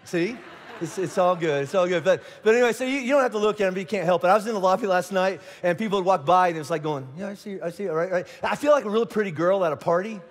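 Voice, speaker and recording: A man's voice: high-pitched, very fast, in a large hall. A middle-aged man and pastor opening a sermon with jokes, self-mocking and full of restarts. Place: large church auditorium with long reverb.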